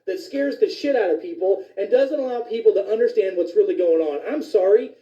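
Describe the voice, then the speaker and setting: A man's voice: high-pitched, a little fast, warm tone. A man who is a physician, ranting indignantly with profanity in a commentary video. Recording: distant, echoey, dull lo-fi sound.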